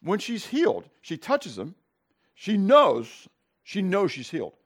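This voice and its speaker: Casting: man leading a Bible study, lively pitch, slightly high, quizzes the class. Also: measured pace, slightly rough. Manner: animated, tags "okay?" and "right?" to check the class; asks the class questions and acts out scenes. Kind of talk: casual classroom teaching.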